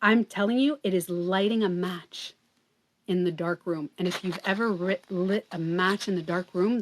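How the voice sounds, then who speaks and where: Chatty woman livestreaming. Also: mid-range voice. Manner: chatty and earnest, many fillers like "like" and "you know". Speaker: livestream host and beauty coach. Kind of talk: casual livestream talk.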